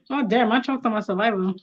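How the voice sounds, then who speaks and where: A woman hosting a casual live stream, excitable and quick to laugh, flustered as she works out the tech on her tablet. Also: fairly high pitch, dull audio. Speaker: livestream host.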